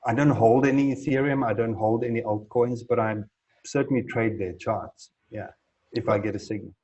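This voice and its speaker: A man with a husky, rough-edged voice talks in a rambling, storytelling way. His pitch sits at an ordinary middle level. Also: steady tone, normal speed, mellow, highs cut off. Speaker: guest trader. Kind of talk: casual chat.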